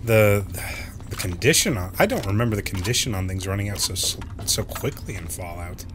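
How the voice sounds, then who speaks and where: A man hosting a let's play, giving gameplay commentary full of jokes, swearing and quick reactions. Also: deep voice, expressive, background noise.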